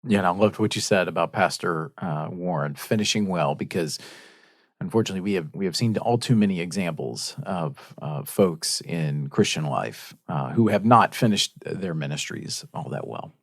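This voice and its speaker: Male podcast co-host, low register, relaxed news-reading delivery, close dry mic. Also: normal speed, gravelly, no room sound. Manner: relaxed, reads news reports aloud. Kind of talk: casual chat and reading news stories.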